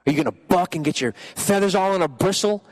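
A man preaching a sermon in a noticeably high voice. He talks to the congregation in a lively, conversational way, then sinks into quiet, earnest stretches to drive his points home. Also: fast. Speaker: pastor.

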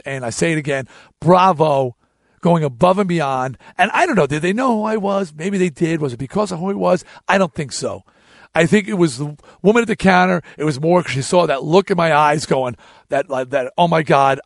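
A man in a casual storytelling monologue, chatty and animated, stumbling over himself as he goes. His voice sits a little higher than most men's. The sound is close and dry, with no room around it. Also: no echo. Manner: animated, chatty retelling with frequent restarts. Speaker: show host.

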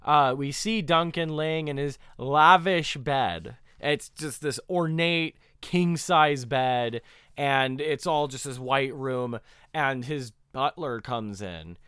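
A man co-hosting a podcast, retelling a show's plot in animated casual chat, often laughing. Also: medium pitch, slow, smooth, no echo, studio quality. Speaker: podcast co-host. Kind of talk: casual chat recapping a show.

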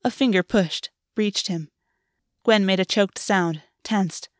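A woman's voice: medium pitch, slow, no echo. Woman reading a story, dry sound. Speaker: audiobook reader. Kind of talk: reading fan fiction aloud.

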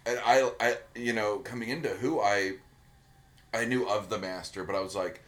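A man with a somewhat low voice, talking on a casual podcast. He gushes, swears freely and trips over his own sentences as he goes. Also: fairly even intonation, normal speed, fairly bright tone. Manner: enthusiastic, swears a lot, many restarts. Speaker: podcast co-host. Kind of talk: casual chat.

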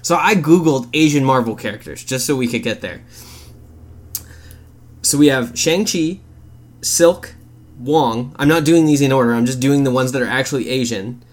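A man co-hosting a podcast in casual chat, animated, swearing and laughing often. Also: medium pitch, normal speed, long pauses. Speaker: podcast co-host.

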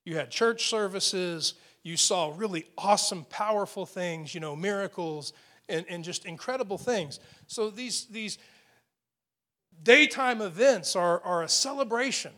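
A man's voice: sits high, a little slow, sharp tone. A middle-aged man preaching a sermon, building intensity and asking rhetorical questions. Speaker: pastor.

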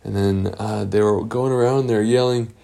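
A man's voice: fairly low pitch, steady tone, normal speed, vocal fry, mellow. A man improvising a bedtime story, rambling with many fillers and restarts.

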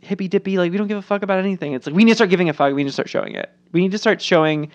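A woman's voice: lowish voice, rapid-fire, highs cut off. A woman co-hosting a casual political chat podcast, swearing freely and acting out quotes in funny voices.

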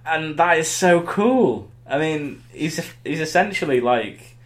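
A man, co-hosting a podcast in casual chat, reacting with quick enthusiasm. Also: fairly high pitch, lively intonation. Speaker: podcast co-host.

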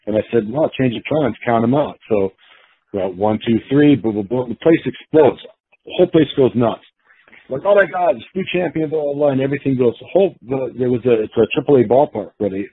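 A man's voice: on the low side, husky. A man casually telling a long story, acting out the quotes of the people in it, with many restarts. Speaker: guest storyteller. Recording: tinny phone-like line.

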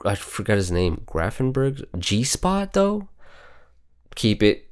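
A man's voice: fairly low pitch, big pitch swings, takes it slowly, smooth. A man hosting a casual news commentary show, reading headlines aloud and reacting bluntly with heavy swearing. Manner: blunt, outspoken. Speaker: host.

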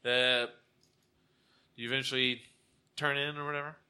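Bright-voiced man running a tabletop game. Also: mid-range voice, little pitch movement, clear, resonant tone. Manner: halting, self-correcting, casual narration. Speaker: game master.

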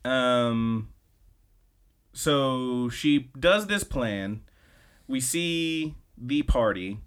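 A man's voice: medium pitch, animated, drawn-out words, smooth. A man hosting a podcast, recapping episodes in a loose, chatty way and swearing casually. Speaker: podcast host.

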